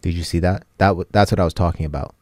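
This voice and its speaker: A man's voice: low voice, rapid-fire, heavy background noise. A young man co-hosting a reaction video, explaining what he hears with enthusiasm. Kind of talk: casual reaction chat.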